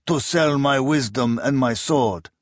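A man's voice: medium pitch, unhurried, no room sound, clean studio sound, natural voice. A man voicing a fierce, arrogant barbarian chieftain who speaks bluntly with a thick foreign accent. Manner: blunt, terse.

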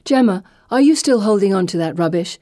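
A woman voicing a bold, self-assured young woman with a crisp, teasing manner. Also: medium pitch, animated, a little fast, warm tone, dry recording, clean studio sound, natural voice.

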